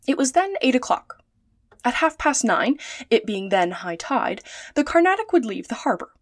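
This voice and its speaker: A woman narrating a classic adventure novel in a calm, measured read-aloud. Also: a little high, dry recording, clean studio sound. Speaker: storyteller.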